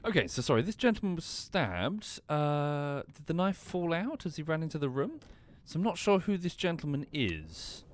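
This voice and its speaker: A man's voice: a little high, very animated, normal speed, hardly any pauses. A man streaming a game, thinking aloud as he plays, apologizing and correcting himself along the way. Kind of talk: casual gameplay commentary.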